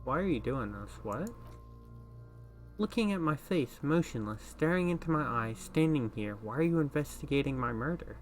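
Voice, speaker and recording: A man voicing a bitter, sneering hanged corpse in a video game, in a flat, quiet delivery. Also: mid-range voice, normal speed, soft background music, natural voice.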